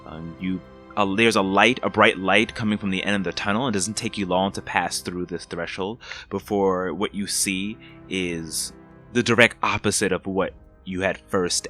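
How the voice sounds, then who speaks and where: A man's voice: low-pitched, pushed and bright. A man narrating a tabletop game as game master, describing scenes loosely with many fillers.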